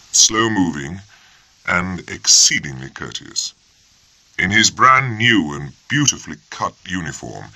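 Deep, gravelly male audiobook narrator. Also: sharp tone, dry recording. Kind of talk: scripted narration.

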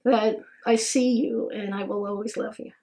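A woman chatting casually to camera, warm and reassuring, quick to agree. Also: medium pitch, steady tone, gravelly. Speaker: vlogger, partner in a couple channel. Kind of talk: casual emotional chat to camera.

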